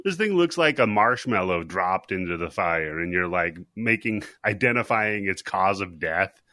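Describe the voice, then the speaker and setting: A man's voice: low-pitched, expressive, moderate pace, bright, forceful tone, dry recording, studio quality. A man hosting a podcast, recapping a horror movie in casual chat, joking and laughing often. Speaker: podcast host.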